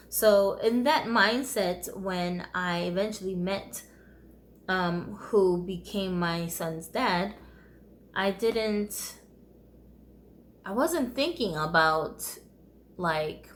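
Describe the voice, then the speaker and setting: Woman vlogger, mid-pitched, casual storytime delivery, candid, wry laughs. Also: a little hiss or hum. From United States. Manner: candid, conversational, often laughing wryly. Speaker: vlogger telling her life story.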